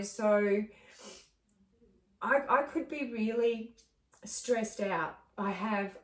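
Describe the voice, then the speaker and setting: A middle-aged woman talking through her life in a rambling, heartfelt way, with many fillers, in a casual vlog. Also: a little high. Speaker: vlogger. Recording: echoey room, distant mic.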